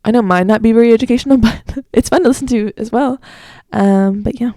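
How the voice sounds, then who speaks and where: She sounds a little fast and on the high side, with a warm tone in a dry, studio-quality recording. This American woman in her late teens runs a chatty solo podcast, rambling, peppering in "like"s, correcting herself, and pushing strong views.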